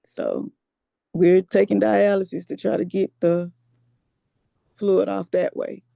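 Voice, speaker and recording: Woman guest, talks real slow, super gravelly, dark dry sound. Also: mid-range voice, little pitch movement, no room sound. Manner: slow, soft-spoken, weary. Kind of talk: emotional interview.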